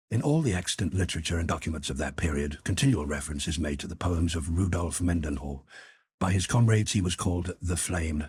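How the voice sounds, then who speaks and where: A man narrating a classic novel as an audiobook, reading in a measured, even way. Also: low voice, breathy edge.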